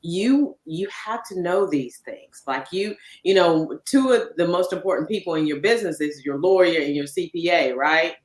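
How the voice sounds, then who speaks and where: Low-voiced woman host, roomy sound. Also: expressive, moderate pace, few pauses. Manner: conversational, tag questions like "right?". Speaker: podcast host. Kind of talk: casual interview chat. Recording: roomy echo.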